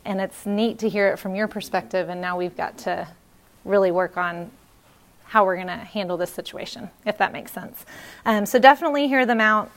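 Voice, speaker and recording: A woman's voice: mid-range voice, fairly bright tone. Woman, 30s, earnest chatty parenting speaker, mid voice, casual with fillers. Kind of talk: casual talk with anecdotes.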